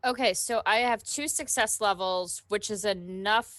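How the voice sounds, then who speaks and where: A woman's voice: medium pitch, unhurried, a bit bright, no echo. A woman playing a tabletop role-playing game, explaining her actions in a hesitant, methodical way. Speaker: player. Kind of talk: casual game table chat.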